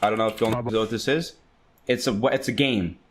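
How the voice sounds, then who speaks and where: A man telling a rambling, crude and excitable story in a casual, profane style, often restarting his sentences. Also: lowish voice, fairly quick, a little hiss or hum.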